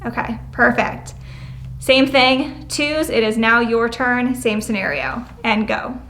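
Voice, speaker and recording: A woman with a fairly high voice runs a classroom activity. She gives short, brisk directions in an encouraging way. She acts out sample phrases with a shifting tone. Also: pushed and bright, slight background noise. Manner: acts out example phrases with changing tone. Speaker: prevention educator leading a class. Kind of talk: classroom instruction. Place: school classroom, indoors.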